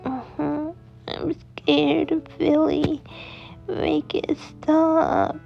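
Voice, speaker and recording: A woman's voice: high voice, steady tone, drawn-out words, creaky, pitched above the performer's own voice, exaggerated voice. A woman voicing a frightened little boy with a small, pleading, whimpering voice. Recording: dull lo-fi audio with faint music.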